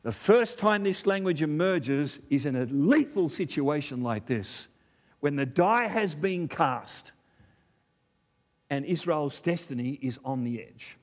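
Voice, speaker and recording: A middle-aged man with an Australian accent preaching a sermon, animated and conversational, firing rhetorical questions and asides at the congregation. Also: on the high side, takes it slowly.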